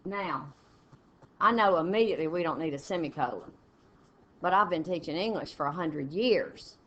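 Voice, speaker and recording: A woman English teacher, walking a class through test punctuation questions step by step and reading example sentences aloud with pauses. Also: on the low side, animated, a bit bright. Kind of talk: classroom test-prep lesson. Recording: dull lo-fi classroom recording with faint noise.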